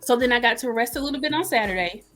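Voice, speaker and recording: Animated woman telling a story in an interview. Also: on the high side, rapid-fire, music in the background. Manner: animated, acts out quoted dialogue. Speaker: guest chef.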